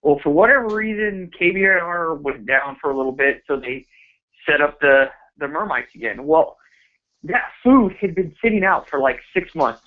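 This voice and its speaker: Man, radio co-host, blunt and profane, deadpan, slightly high voice, lo-fi dull audio. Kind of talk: casual chat.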